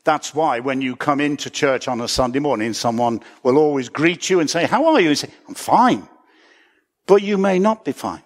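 A man's voice: mid-range voice, a little fast, few pauses. A man, a pastor, preaching a sermon in an earnest, reflective way, with small chuckles and self-corrections. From Britain.

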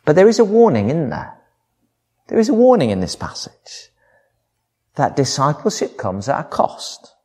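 A male preacher delivers a sermon, leaning hard on key words. His voice sits a little high and swings widely in pitch, slowing down to stress a point. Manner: expressive, varied emphasis.

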